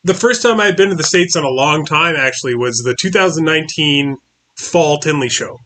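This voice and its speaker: A man hosting a relaxed interview, with a fairly high, very bright voice. He talks loosely, padding his sentences with ums and likes. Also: a little fast. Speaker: host. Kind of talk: casual interview.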